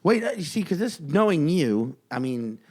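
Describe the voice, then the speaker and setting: A man's voice: on the high side, very animated, normal speed, darkish tone. Male comedy podcast co-host, playful riffing banter. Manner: joking, riffing, playful impressions.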